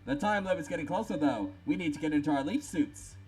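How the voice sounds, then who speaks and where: A man's voice: fairly high pitch, animated, fast talker, lightly acted, poor audio. A man voicing an arrogant, brainy young female scientist who lectures and talks down to others, reading a game script aloud. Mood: brisk. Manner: condescending, lecturing.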